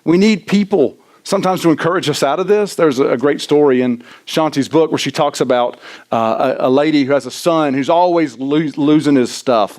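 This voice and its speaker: A middle-aged man preaching a sermon in a church, animated and self-deprecating, often tossing in "right?" to the congregation. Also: fairly high pitch. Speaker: pastor. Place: church sanctuary.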